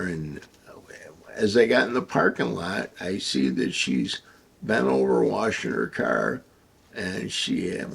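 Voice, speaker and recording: Gravelly deep-voiced man telling a story. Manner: rambling, halting, crude. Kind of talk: casual anecdote.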